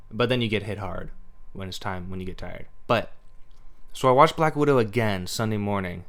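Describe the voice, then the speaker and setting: A man's voice: lowish voice, moderate pace. A man hosting a podcast, rambling through a profane, casual rant about a movie with lots of filler words. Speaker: podcast host.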